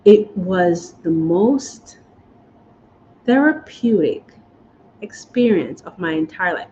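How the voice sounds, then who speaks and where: A woman's voice: fairly low pitch, animated, slow, pauses often, dark tone. A woman vlogger from the United States talking in a casual, chatty, emotional way, often saying y'all and guys. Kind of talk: casual chat. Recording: dull lo-fi sound with faint noise.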